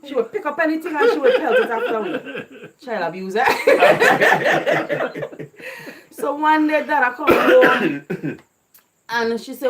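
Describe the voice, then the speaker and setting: A woman's voice: high-pitched, measured pace, very noisy. Laughing island woman telling childhood stories. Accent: Caribbean island creole English. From Caribbean island. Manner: laughs often while telling stories, lively and animated. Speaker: vlogger. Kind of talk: casual storytelling.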